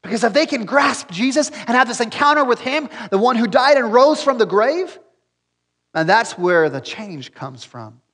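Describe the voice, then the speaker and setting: A man's voice: very high-pitched, very animated, normal speed, fairly bright tone. A man preaching a sermon in an earnest way, repeating key phrases for emphasis. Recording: long hall reverb.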